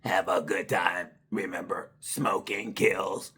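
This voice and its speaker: A man putting on a slow, husky male French announcer voice over a loudspeaker. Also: low-pitched, level tone, voice pushed down, exaggerated voice. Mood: droning.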